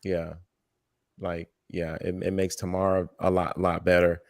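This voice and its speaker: A man co-hosting a casual, heated chat, getting animated and breaking into loud outbursts when he quotes others. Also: deep voice, a little slow, no room sound, clean studio sound. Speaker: podcast co-host.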